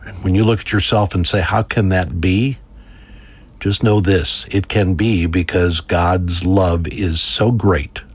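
A man giving a devotional reading in a solemn, measured way. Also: low-pitched, fairly even intonation, slightly rough. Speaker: preacher.

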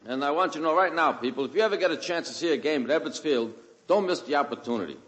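A man's voice: on the high side, expressive, rapid-fire, echoey room, rough recording. A man from Brooklyn with a Brooklyn accent, telling a wisecracking stand-up monologue on stage. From Brooklyn, New York. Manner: wisecracking storyteller who shouts fans' lines. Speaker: stand-up comedian. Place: stage before a live audience.

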